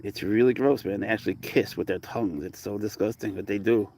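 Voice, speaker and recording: Coos to his cat punctuate this man's easygoing livestream, where he chats with viewers and drifts into rambling asides as the cat owner and channel host. His voice is low, steady, gravelly and a little mellow, and he speaks briskly.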